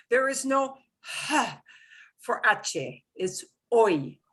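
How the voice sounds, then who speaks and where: A woman's voice: a little high, big pitch swings, extremely slow, fairly bright tone. A woman teaching a beginners' Spanish class, explaining pronunciation patiently and repeating words for students to echo.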